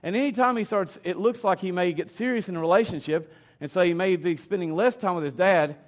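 A man preaches a sermon in a loose, conversational way, often restarting his sentences. His voice sits somewhat high for a man. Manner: conversational, halting, with restarts and fillers. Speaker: pastor.

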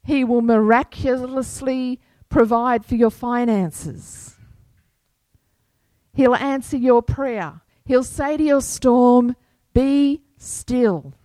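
A woman pastor preaching a sermon to her congregation in an unhurried, earnest manner, quoting scripture. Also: fairly high pitch, mellow, no room sound.

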